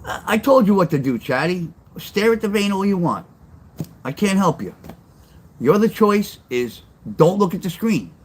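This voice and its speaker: An older New York man with a high, very animated voice talks at a normal speed over slight background noise. As a livestream host and storyteller, he chats loosely with viewers, reads from the chat, and tells blunt, rambling stories that circle back on themselves.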